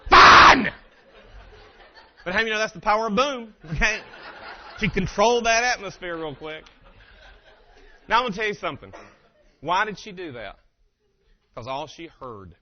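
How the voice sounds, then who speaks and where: A man giving a humorous motivational keynote, telling family stories in an animated way and acting out the dialogue. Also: on the high side, moderate pace, long pauses. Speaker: keynote speaker. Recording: dull lo-fi live recording.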